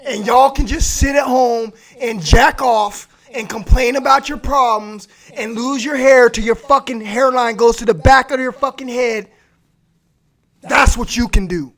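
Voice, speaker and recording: A man with a very high voice rants on a live stream from his man cave, cursing and shouting. His voice is hoarse and worn from the yelling. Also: a little slow. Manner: aggressive profane shouting rant.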